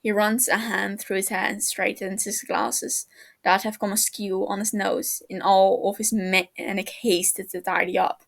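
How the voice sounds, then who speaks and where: A woman reading fan fiction aloud, narrating the scenes in an even storytelling manner. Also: mid-range voice, unhurried, gravelly. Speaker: podfic reader.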